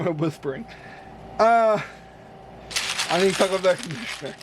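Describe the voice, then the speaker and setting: A man's voice: a little high, animated, normal speed, pauses often. A man casually talking to himself while building with Lego, rambling and correcting himself often. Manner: rambling, self-correcting, talks to himself while sorting pieces. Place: room with an air conditioner running. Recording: noisy room with air conditioner hum.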